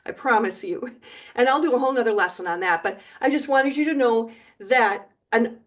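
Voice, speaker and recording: A woman teaching Spanish pronunciation in a video lesson, speaking clearly and encouragingly. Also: on the high side. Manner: slow, clear, encouraging, sings syllables.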